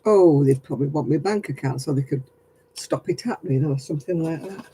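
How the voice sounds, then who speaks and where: A woman's voice: deep voice, a little fast, warm tone, slight background noise, poor audio. A woman with a British accent chatting casually on her vlog, telling wry stories with frequent chuckles. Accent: British English. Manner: wry and chuckling, storytelling about prank callers. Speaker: craft vlogger. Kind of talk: casual chat.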